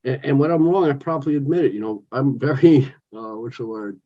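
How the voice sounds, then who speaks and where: A man's voice: mid-range voice, a little fast, highs cut off. A man, sharing his story at a recovery meeting in an outspoken, joking, chatty way. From New York. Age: 60s. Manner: outspoken, jokey, talks with his hands of stories and asides. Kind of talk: personal share at a recovery meeting. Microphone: phone.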